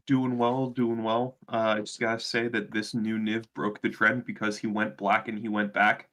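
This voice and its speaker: A man's voice: lowish voice, completely flat delivery, normal speed, pushed and bright. A man co-hosting a casual card game stream, teasing the host with dry humor.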